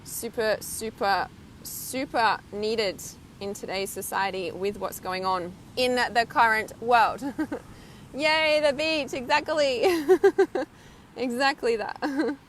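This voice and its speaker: On a windy beach outdoors, a woman who works as an intuitive healer and mentor livestreams to her viewers, talking casually and with animation, often asking "right?" and laughing between thoughts. She's emphatic and swears casually. Her voice is a little high and fairly bright, she takes it slowly, and there's a little hiss or hum.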